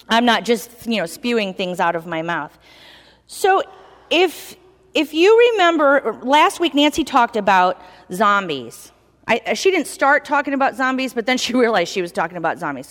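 A woman giving an informal sermon in a church, chatty and animated, acting out little voices as she tells the story. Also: a little high. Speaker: lay preacher. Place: church hall. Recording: reverberant hall.

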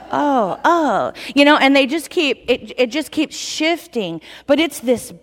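Woman lay preacher, higher voice, relaxed storyteller, echoing church hall. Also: normal speed. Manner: chatty, animated storytelling with playful voices. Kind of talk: informal sermon. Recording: reverberant hall.

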